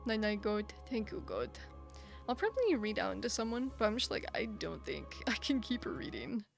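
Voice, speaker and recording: A young woman hosting a live stream sounds tired and a bit out of breath. Her voice is gravelly, with a pitch that swings up and down a lot. She chats loosely with plenty of fillers and soft laughs, and faint music plays underneath. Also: sing-song, moderate pace. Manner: chatty, sympathetic, frequent fillers and soft laughs. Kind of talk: casual live-stream chat, reading chat aloud.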